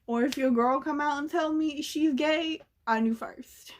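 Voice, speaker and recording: A young woman retells a story straight to camera, loose and slangy. Her voice sits a bit higher than most women's. She talks in a lively, gossipy rush of asides. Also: a little slow. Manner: chatty, slangy, animated retelling. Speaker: vlogger. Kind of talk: casual storytelling.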